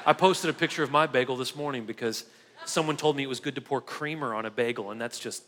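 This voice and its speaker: A man's voice: medium pitch, fast talker, a bit bright, long reverb tail. A male pastor delivering an emphatic sermon, repeating key phrases and calling the congregation "guys". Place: church sanctuary.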